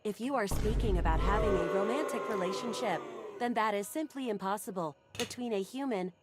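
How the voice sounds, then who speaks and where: A woman's voice: medium pitch, over music, lightly acted. Woman voicing a polite AI assistant. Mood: formal. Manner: formal, measured, literal. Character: polite female AI home assistant. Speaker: game character.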